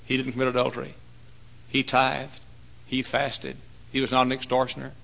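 A man delivering a church sermon with a gravelly, rough edge to his voice. His tone is bright and forceful, and he keeps the preaching animated, breaking into shouts and acting out other people's words. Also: mid-range voice, normal speed, rough recording.

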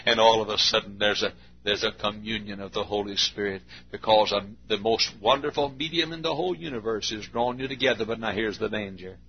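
A man's voice: lowish voice, a little fast. A man preaching a sermon in a folksy storytelling way, acting out little scenes. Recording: dull lo-fi recording with faint hum.

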